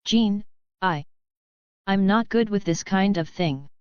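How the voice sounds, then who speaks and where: A shy blue-furred young man with a tail, halting over his words, voiced by a woman. The voice is smooth, and the recording is dry and dull. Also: mid-range voice, no echo, lightly acted. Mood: nervous. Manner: hesitant, halting.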